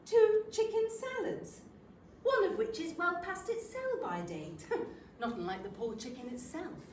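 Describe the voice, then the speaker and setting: An older woman, performing a comic stage monologue in a wry, self-deprecating, expressive manner. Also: high voice, a little hiss or hum. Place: theatre stage. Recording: roomy theatre, from a distant mic.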